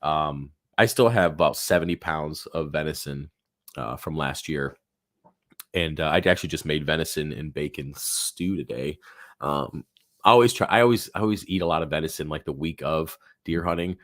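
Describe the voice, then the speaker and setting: A deep-voiced man hosts a live Q&A stream, rambling through casual talk with plenty of fillers and restarts. His voice is hoarse and fading. The sound is dry and close. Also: normal speed, a bit bright, no echo. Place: home office.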